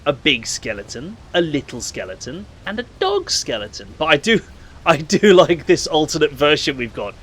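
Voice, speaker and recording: A man's voice: on the high side, expressive, normal speed, a little hiss or hum. Chatty man playing a game. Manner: chatty, laughs often, stumbles over names. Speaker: game streamer. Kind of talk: casual let's play commentary.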